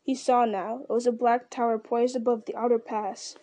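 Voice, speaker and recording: Mellow, even-toned woman reading a book. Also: fairly high pitch, moderate pace. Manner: steady, with occasional restarts. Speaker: reader. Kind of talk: storybook reading.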